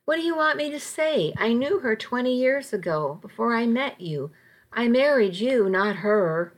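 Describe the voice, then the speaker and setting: A woman reading the lines of an apologetic, defensive middle-aged husband in an audiobook, in a soft, even voice. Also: on the high side, normal speed.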